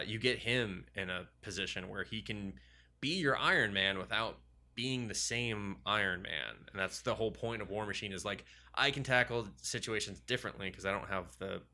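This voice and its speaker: A man in casual banter about superhero movies, joking and rambling, acting out characters in quick asides. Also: lowish voice, bright, forceful tone.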